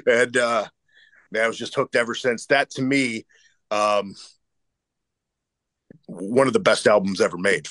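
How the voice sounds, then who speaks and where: A man's voice: on the low side, fairly bright tone, dry recording. A man who is a guest and longtime fan in a casual interview, earnest and grateful.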